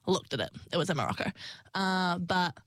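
A woman's voice: lowish voice, lively intonation, brisk, a bit bright. A young woman, chatting in an interview, laughing often and acting out her own past lines. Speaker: singer and actor, interview guest. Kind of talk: casual interview storytelling.

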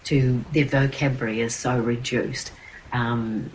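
A woman's voice: extremely low pitch, steady tone, a little slow, slight background noise, low-quality recording. A middle-aged woman, an interview guest speaking earnestly, with many fillers and restarts. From New Zealand. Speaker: guest, children's TV presenter and producer. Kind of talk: interview conversation.

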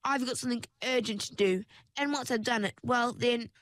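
Flustered young mermaid, raised and shrill, begs politely, as a woman reader puts her on. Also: normal speed, a bit bright, close to an everyday voice. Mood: pleading. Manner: high, shrill and pleading. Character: anxious young mermaid girl, pleading and flustered. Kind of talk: storybook narration.

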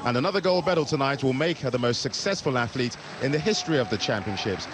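A man's voice: medium pitch, lively intonation, fast talker, a crowd in the background. A man reporting live from outside an athletics stadium, setting the scene in an upbeat tone. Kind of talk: live outdoor news report. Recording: outdoor noise behind the voice.

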